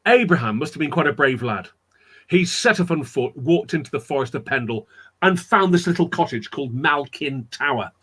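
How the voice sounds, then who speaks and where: Animated, husky male storyteller. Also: on the high side. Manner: animated, acts out characters' voices. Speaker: storyteller guest. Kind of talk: dramatic storytelling.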